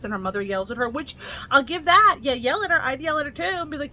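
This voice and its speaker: A woman with a bright, clear, fairly high voice chats casually about books. She is blunt and swears freely. She retells the plot with energy, dropping into quoted lines as she goes. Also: expressive, fairly quick, a little hiss or hum. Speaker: book reviewer. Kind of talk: casual book review vlog.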